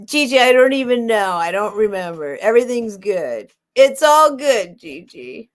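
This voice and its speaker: A middle-aged woman chatting to viewers on a live sale stream. Her voice sits a little high, and she talks in a loose, rambling way, drifting off on emotional asides. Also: animated, measured pace. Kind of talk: casual live-stream chat.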